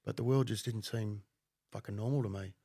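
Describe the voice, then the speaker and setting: Man, Australian accent, gravelly voice, swears a lot, laughs often, casual storytelling. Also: fairly low pitch, steady tone, brisk, warm tone, no echo, studio quality. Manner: profane, blunt, laughs often. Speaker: podcast guest, former undercover cop.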